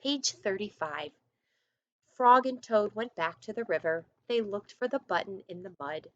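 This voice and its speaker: A woman first grade teacher reading a storybook aloud to her class, animated and coaxing, with little asides to the children. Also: mid-range voice, a little slow, no echo, dull audio.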